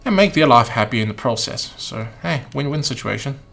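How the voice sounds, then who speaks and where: A man's voice: mid-range voice, lively intonation, brisk, creaky, a bit bright. A man streaming a game, offhand and wry, thinking aloud as he plays. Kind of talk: casual let's-play commentary.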